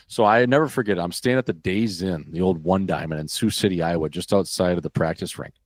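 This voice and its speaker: Low-voiced, profane man telling a story. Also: quick pace, hardly any pauses, dry recording. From Wisconsin. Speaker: podcast guest, former hockey player. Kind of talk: casual storytelling.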